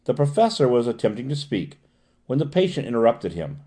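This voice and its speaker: A man narrating a classic novel as an audiobook reader, steady and expressive. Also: medium pitch, a little fast. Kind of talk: scripted narration.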